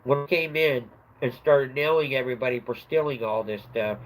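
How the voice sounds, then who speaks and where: A man's voice: medium pitch, brisk, a little hiss or hum, rough recording. A middle-aged man hosting a livestream, telling a rambling story in a casual chat and laughing at his own tale. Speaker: livestream host.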